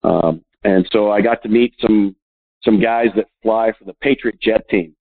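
A husky, slightly low-pitched man in his fifties tells chatty stories as an interview guest, laughing often and leaning on filler "uh"s. His voice comes through a tinny phone line that sounds dry and close. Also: measured pace, no room sound. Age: 50s. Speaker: guest, professional golfer. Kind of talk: interview storytelling.

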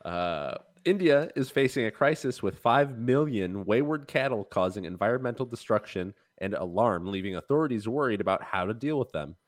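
Young male podcast co-host, mock anchor read, medium pitch. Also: expressive, brisk, few pauses. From Midwest US. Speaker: podcast co-host reading joke news. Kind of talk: mock newscaster delivery.

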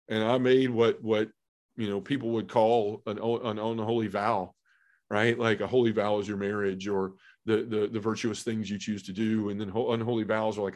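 A man's voice: on the low side, little pitch movement, moderate pace, darkish tone. A middle-aged man telling his own story as a podcast guest, earnest and heartfelt, with lots of "you know" and "man". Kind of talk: personal testimony in a podcast conversation.

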